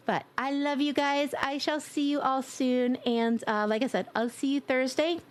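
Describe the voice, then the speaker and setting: A woman's voice: sits high, moderate pace, few pauses, slight background noise. A woman streamer chatting casually and affectionately as she signs off her stream, a bit congested. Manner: warm, affectionate, blowing kisses. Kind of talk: casual stream sign-off chat.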